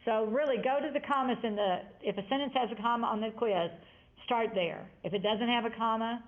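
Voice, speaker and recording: A woman's voice: fairly high pitch, brisk. A woman teacher giving a grammar lesson to a class, chatty and prone to rambling asides as she explains. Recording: tinny lo-fi classroom audio.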